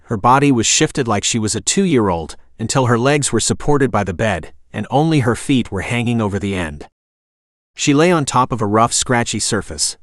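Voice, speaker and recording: A synthetic male text-to-speech voice doing scripted audiobook narration, with an expressive reading. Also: medium pitch, dry recording, studio quality.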